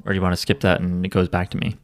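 A man's voice: deep voice, monotone, very fast, no echo, studio quality. A man co-hosting a podcast in casual chat, joking and rambling with fillers. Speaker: podcast co-host.

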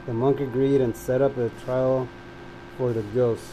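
A man's voice: mid-range voice, flat delivery, a little slow, noisy background. A man co-hosting a comedy podcast, reading a ghost story aloud with stumbles and jokes. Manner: stumbling, joking reader. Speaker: podcast co-host.

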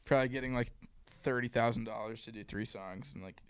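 A man's voice: medium pitch, fairly even intonation, quick pace, clean tone, no room sound. A young man in his twenties chatting casually, adding wry asides and details to a shared story. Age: 20s. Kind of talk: casual chat.

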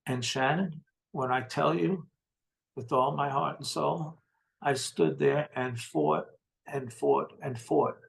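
A man's voice: on the high side, slow pace, vocal fry, low-quality recording. A middle-aged man, a guest in an interview, recounting a personal experience in an earnest, heartfelt way and often repeating words for emphasis. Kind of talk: personal storytelling in conversation.

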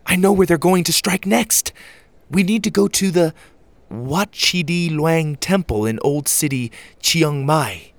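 Man voicing a clever young girl, high voice, sarcastic, eager, dry sound. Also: animated, fairly quick, hardly any pauses, no echo. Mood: excited. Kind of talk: storybook character reading.

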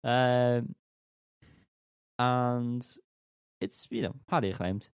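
A man's voice: medium pitch, drawn-out words, gravelly, smooth, no echo. A man co-hosting a podcast in casual chat, rambling with many ums and teasing himself. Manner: rambling, self-mocking, lots of ums. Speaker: podcast co-host.

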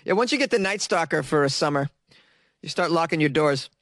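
A man's voice: a little high, lively intonation, brisk, a bit bright, no echo. A young man hosting a comedy show, stoned and giggly, riffing sarcastically on odd news stories. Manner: laid-back, giggly, sarcastic.

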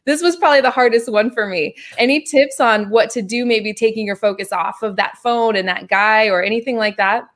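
A woman's voice: on the high side, brisk, few pauses. A woman co-hosting a livestream chat, enthusiastic and affirming.

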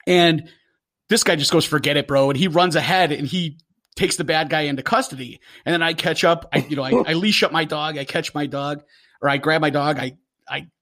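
Man, forties, animated raconteur, slightly high voice, casual podcast chat. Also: a little fast. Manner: animated storyteller, acts out quotes loudly. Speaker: podcast host, former police K9 handler.

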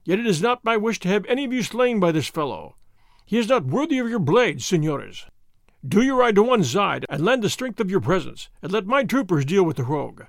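A man's voice: high voice, very animated, brisk, vocal fry, no echo, clean studio sound, heavily acted. A man voicing a pompous, flustered governor in an audiobook reading, blustering as he talks.

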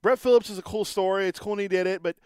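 A man's voice: sits high, steady tone, clear, resonant tone, no echo. A man co-hosting a sports talk show, bantering casually into a studio microphone. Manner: casual, quick back-and-forth banter. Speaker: sports podcast co-host.

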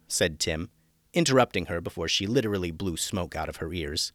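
Male storyteller host, expressive read-aloud, dry studio sound. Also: low-pitched, normal speed, no echo. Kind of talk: children's story narration.

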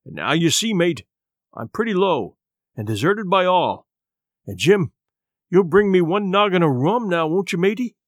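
A man reading an audiobook, voicing a drunken, feeble old sea captain who pleads in rough sailor's dialect. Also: high-pitched, animated, normal speed, no room sound, clean studio sound. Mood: pleading. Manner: rough seafaring dialect, wheedling.

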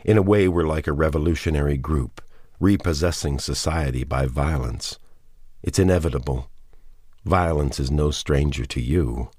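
Guy reading a cool detached woman, calm and measured, deep dry voice. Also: slightly rough, no room sound. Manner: calm, measured, matter-of-fact.

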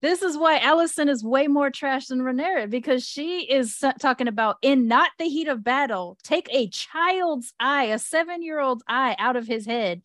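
A woman's voice: sits high, normal speed, hardly any pauses, a bit bright, no echo, clean studio sound. A woman guesting on a casual podcast, giving opinionated, emphatic commentary. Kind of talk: casual recap chat.

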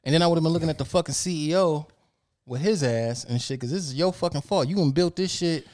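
A man's voice: a little high, quick pace, a little mellow. A man co-hosting a casual podcast, blunt, profane and joking. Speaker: podcast co-host.

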